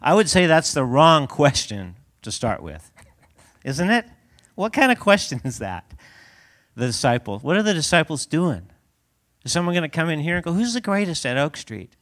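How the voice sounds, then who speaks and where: A man's voice: on the high side, very animated, normal speed, a bit bright. A man giving a conversational sermon as a pastor in a church, laughing often and asking the congregation rhetorical questions.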